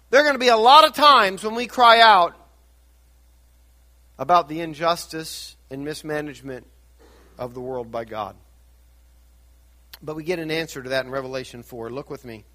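An older man preaching a sermon, grandfatherly and dynamic, dropping to hushed tones and rising to shouted emphasis. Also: on the high side. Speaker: pastor.

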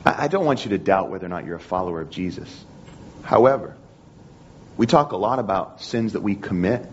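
A man's voice: lowish voice, muffled recording, a little hiss or hum. A man preaching a sermon in an earnest manner, repeating phrases and restarting often. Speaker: pastor.

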